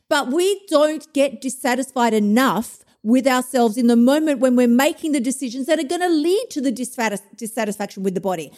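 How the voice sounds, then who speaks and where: A fired-up woman hosts a motivational podcast monologue, swearing freely as she gives tough love. Her voice sits a little high, and she talks like a coach who wants to shake her listeners awake. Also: dark tone. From Australia. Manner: blunt, profane, fired-up tough-love pep talk. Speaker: podcast host, emotional eating coach.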